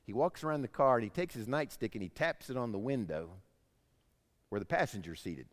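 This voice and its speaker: A man preaching a sermon as pastor, telling stories with lively voices. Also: mid-range voice, fairly quick, big-room sound. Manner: animated storytelling, acts out voices in anecdotes.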